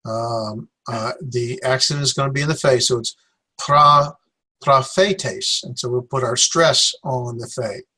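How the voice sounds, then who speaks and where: A man teaching a Greek class in a classroom lecture, halting with many fillers as he sounds out syllables slowly. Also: mid-range voice, steady tone, pushed and bright.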